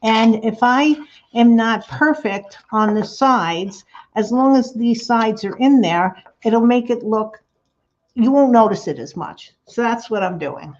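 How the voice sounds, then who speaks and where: A woman's voice: a little high, lively intonation, measured pace, darkish tone, highs cut off. A woman chatting casually to her livestream viewers while she crafts, rambling and laughing often as she reads the chat. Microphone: laptop mic on a livestream.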